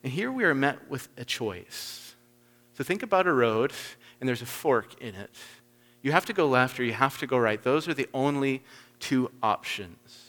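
A man preaching a sermon, emphatic, swinging between loud stressed points and soft low asides. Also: lively intonation, moderate pace, long reverb tail.

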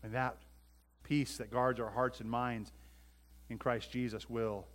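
A man preaching a sermon. He is emphatic and swings between loud, raised passages and quiet asides, and he asks the congregation questions. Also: little pitch movement, a little slow. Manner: emphatic preaching that rises in pitch and volume, then drops to quiet asides. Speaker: pastor.

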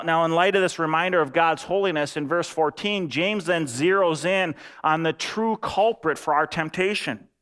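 A man's voice: on the high side, clean tone. Emphatic man preaching a sermon. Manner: animated, emphatic preaching with repeated phrases. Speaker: pastor.

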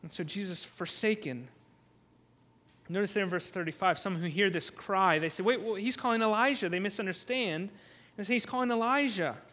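High bright-voiced male preacher. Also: a little fast. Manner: earnest, repeats words when restarting, rises to loud cries on emphasis. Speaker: pastor. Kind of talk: sermon.

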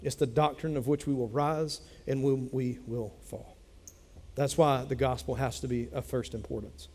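A man's voice: mid-range voice, fairly even intonation, moderate pace, darkish tone, in a large hall. A man preaching a sermon as a pastor, speaking in a conversational way and repeating phrases for emphasis. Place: church sanctuary.

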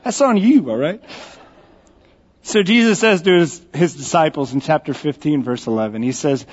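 High-voiced joking pastor in echoing church. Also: male voice, expressive, moderate pace, slightly rough. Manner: joking, folksy, speaks directly to the congregation. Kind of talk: conversational storytelling sermon. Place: church sanctuary. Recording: dull recording with long church reverb.

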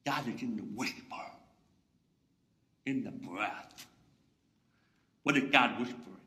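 A man preaching a sermon, swinging between loud proclamation and a hushed near-whisper. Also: mid-range voice, takes it slowly, roomy sound. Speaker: pastor.

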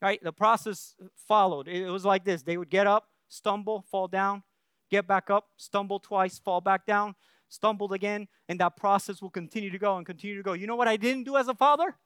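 Brief: male pastor preaching, very high smooth voice, earnest and conversational, dry close recording. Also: steady tone, brisk, fairly bright tone, dry recording. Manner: earnest, keeps checking in with the congregation, frequent restarts. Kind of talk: sermon.

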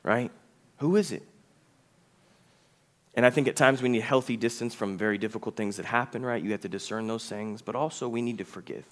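A male pastor preaching a conversational sermon, reading scripture aloud, asking the congregation questions and slowing down for emphasis. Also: mid-range voice, a bit bright.

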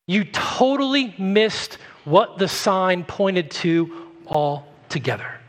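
A male pastor preaching a sermon emphatically, rising loud and dropping quiet. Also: high-pitched, lively intonation, slow pace. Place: church sanctuary. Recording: long hall reverb.

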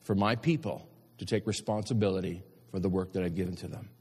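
A man's voice: deep voice, fairly even intonation, quick pace, darkish tone, husky. A man preaching a sermon to his congregation, emphatic and direct, with repeated appeals to his listeners. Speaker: pastor. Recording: long hall reverb.

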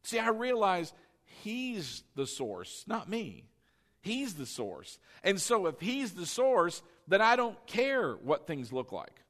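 A man preaching a sermon as pastor, animated and coaxing his congregation to repeat lines after him. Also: high-pitched, slow pace.

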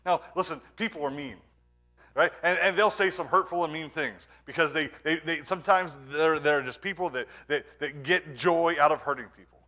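Male pastor, sermon, earnest, emphatic then hushed, fairly high voice, bright forceful tone. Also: moderate pace, soft background music.

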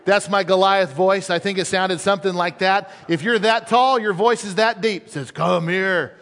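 A pastor with a high voice delivers a storytelling sermon with animated emphasis. His voice rings through a reverberant church auditorium. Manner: animated storytelling, shifts between quick and slow emphasis. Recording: echoey hall.

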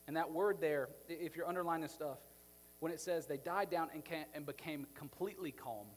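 A man, a pastor, preaching a sermon in a conversational, animated way, acting out the scenes he describes. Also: on the high side.

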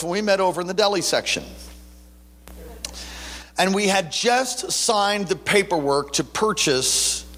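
A man preaching a sermon, telling a story with animated quotes and frequent restarts. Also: high voice, in a large hall. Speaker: pastor.

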